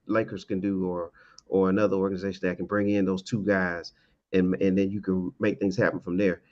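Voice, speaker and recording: A man with a fairly low voice works through his take on a casual sports show. He stops and restarts often, repeating words and filling gaps with "uh". The sound is dull and lo-fi. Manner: halting, repeats words, many uh fillers.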